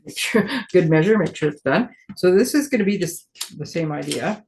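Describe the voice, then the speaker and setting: A woman's voice: lowish voice, animated, normal speed, a little mellow, slight background noise. A friendly woman runs a casual live crafting demonstration and talks her viewers through each step. She thinks aloud while her hands stay busy. She makes light of her own clumsiness in an easygoing way. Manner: chatty, thinks aloud while working, self-deprecating.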